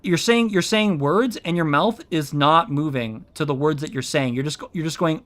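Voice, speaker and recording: On his own stream, a man chatting as a VTuber explains things in a rambling way, with plenty of ums and false starts. His voice runs on the high side with a fairly bright tone and normal speed, picked up by his own streaming mic.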